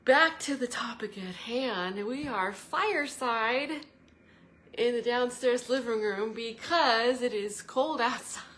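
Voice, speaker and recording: A woman's voice: fairly high pitch, slow, a bit bright, slight background noise. A woman vlogger talking in a casual, reflective monologue, earnest and meandering, from an indoor living room by the fire. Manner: meandering, earnest, breaks into laughter. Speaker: travel and spirituality vlogger.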